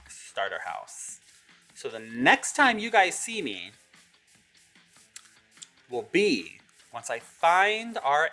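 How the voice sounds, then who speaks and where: Young female gaming host, animated and excitable, big dramatic reactions over light music. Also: extremely low pitch. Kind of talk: survival game commentary.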